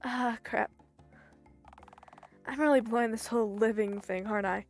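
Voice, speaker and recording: A woman's voice: fairly high pitch, normal speed, soft background music, close to an everyday voice. Stammering down-and-out phone-head guy, voiced by a woman. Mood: flustered. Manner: stammering, self-pitying. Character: down-and-out male phone-headed loser, nervous.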